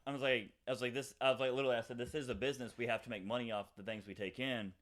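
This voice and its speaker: A man's voice: medium pitch, steady tone, a bit bright. A young man, a podcast co-host, telling a rambling story in casual chat with lots of fillers. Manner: rambling, fast, many fillers and acted quotes.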